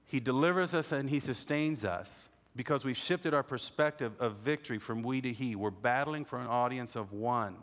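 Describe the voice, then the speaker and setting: A man's voice: mid-range voice, moderate pace, few pauses, fairly bright tone. A middle-aged man preaching a sermon earnestly, repeating his key phrases for emphasis. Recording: long reverb in a large hall.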